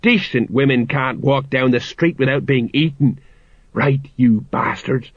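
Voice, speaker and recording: A man's voice: mid-range voice, unhurried, no room sound, close to an everyday voice. A man voicing a blustering, nervous, stout older sergeant of the city watch. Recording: slightly muffled dry recording.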